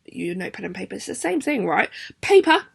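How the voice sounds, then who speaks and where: A woman's voice: fairly low pitch, big pitch swings, fast talker, gravelly, a bit bright, breathy edge. A young woman, a primary school teacher giving a chatty, encouraging video lesson to children. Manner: chatty, encouraging, sing-song questions to pupils.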